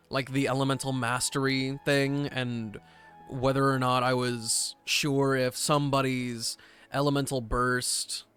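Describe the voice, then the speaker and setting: Bright, smooth-voiced rambling male streamer. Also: mid-range voice. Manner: rambling, self-deprecating overthinker. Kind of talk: casual gaming stream chat.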